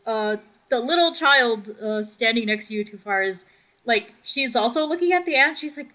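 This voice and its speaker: A woman's voice: fairly high pitch, animated, moderate pace, sharp tone, low-quality recording. A young woman narrating as game master in a casual, rambling way.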